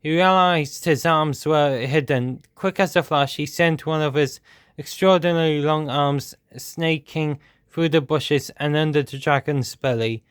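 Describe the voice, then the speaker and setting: A man reading a children's storybook aloud at a steady, measured pace. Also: fairly high pitch, smooth, dry recording, studio quality.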